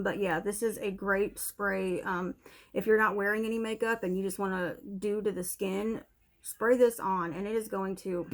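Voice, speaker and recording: A young woman chatting through her favourite beauty products in a relaxed, candid way, a touch out of breath. Her voice sits at an ordinary middle pitch. She talks straight to the camera like she is speaking to a friend. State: a little out of breath. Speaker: beauty vlogger. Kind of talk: casual product review chat. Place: home room, TV on in background.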